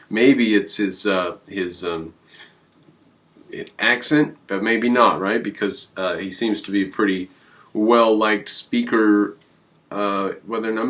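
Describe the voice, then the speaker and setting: A man hosting his own channel, talking in a rambling, emphatic way with sudden jumps in pitch. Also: fairly bright tone. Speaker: channel host. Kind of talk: casual on-camera commentary.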